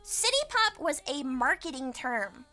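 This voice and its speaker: Excitable high-voiced woman streamer. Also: unhurried. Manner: excitable, swears, laughs a lot. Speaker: streamer host. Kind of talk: casual stream chat.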